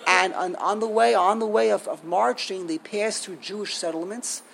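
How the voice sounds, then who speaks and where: Gravelly man teaching in halting bursts. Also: sits high, a bit bright, slight background noise, low-quality recording. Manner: halting, restarts often, rhetorical questions. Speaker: Torah teacher. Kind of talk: lecture on liturgical poems.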